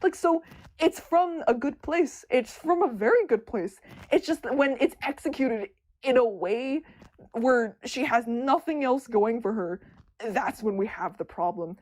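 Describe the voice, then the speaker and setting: A woman streamer chatting casually with her viewers, excitable and stumbling over her words with a stutter. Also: a little high, unhurried. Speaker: streamer discussing comics with chat. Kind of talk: casual livestream chat.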